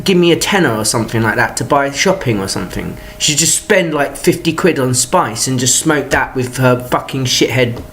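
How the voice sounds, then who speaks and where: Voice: medium pitch, a bit bright. A vlogger ranting to the camera about a personal grievance, swearing freely and exasperated throughout. The talk comes in choppy bursts, with words restarted and sentences abandoned midway. There is a faint background hiss under the voice. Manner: profane, exasperated storytelling; talks in stop-start bursts with restarts.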